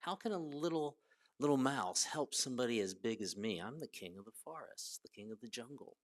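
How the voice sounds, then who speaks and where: A man voicing a big, proud, gruff male lion, king of the forest, in a children's story. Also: medium pitch, animated, brisk, lightly acted. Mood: scoffing. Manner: gruff, boastful.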